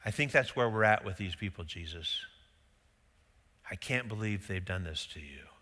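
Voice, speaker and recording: Man, middle-aged, pastor, conversational sermon, rhetorical questions, very bright tone, long church reverb. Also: deep voice, lively intonation, moderate pace. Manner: conversational, rhetorical questions, acts out quoted voices. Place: church sanctuary.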